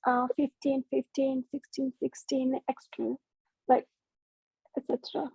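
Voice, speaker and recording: Shy high woman asking a question, slow, thin phone-like sound. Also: flat delivery, dry recording. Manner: hesitant and quiet, with fillers. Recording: thin phone-like call audio.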